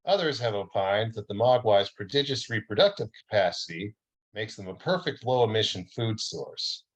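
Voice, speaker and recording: Deadpan man reading a mock documentary. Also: on the low side, moderate pace, poor audio. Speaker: reader.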